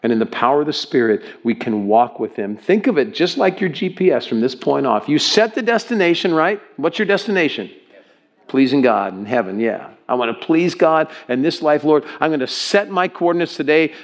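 A middle-aged pastor preaching a sermon with lively rises and soft, prayerful drops. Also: male voice, medium pitch.

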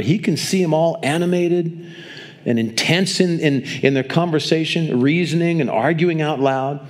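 A man's voice: on the high side, moderate pace. An older man giving a sermon as a pastor, telling stories in a conversational way and often restarting and repeating words. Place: church, speaking to a congregation.

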